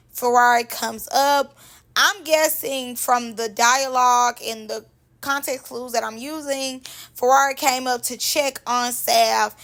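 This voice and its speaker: A young woman hosting her own vlog, recapping reality TV in an animated, slangy, chatty way. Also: a little high. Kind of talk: casual commentary vlog.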